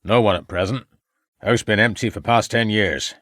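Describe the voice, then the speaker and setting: A man doing a gruff old farmer. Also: lowish voice, normal speed, a bit bright, no room sound, clean studio sound, natural voice. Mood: curt. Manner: terse, clipped dialect speech. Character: gruff old male rural farmer, curt.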